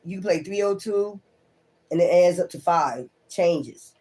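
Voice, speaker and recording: A man giving a casual tarot reading, talking straight to viewers with lots of swearing and laughter, and acting out their thoughts in quick asides. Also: high-pitched, darkish tone. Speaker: tarot reader.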